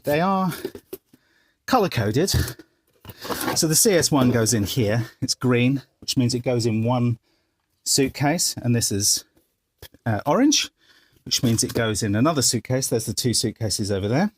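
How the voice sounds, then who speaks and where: A man's voice: mid-range voice, lively intonation, unhurried, long pauses, slight background noise. A man and band member showing viewers around his music studio, chatting as he explains his gear step by step. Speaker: musician giving a studio tour. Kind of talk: casual walkthrough. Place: band's music studio, indoors.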